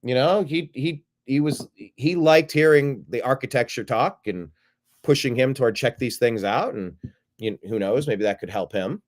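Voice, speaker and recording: A man's voice: medium pitch, moderate pace. Rambling male livestream host. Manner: rambling, retelling a phone call with quoted dialogue. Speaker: show host. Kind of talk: casual livestream monologue.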